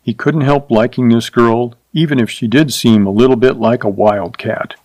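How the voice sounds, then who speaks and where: A man narrating a short story in a steady, even storytelling voice, adding light character voices. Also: mid-range voice, moderate pace, hardly any pauses, no echo, poor audio. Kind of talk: scripted audiobook narration.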